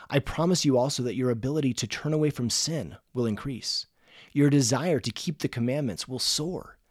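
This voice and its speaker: A middle-aged man hosting a devotional podcast, speaking earnestly and slowing down to stress key words. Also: medium pitch, darkish tone, dry recording, studio quality. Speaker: podcast host and religion teacher. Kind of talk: scripted devotional podcast talk.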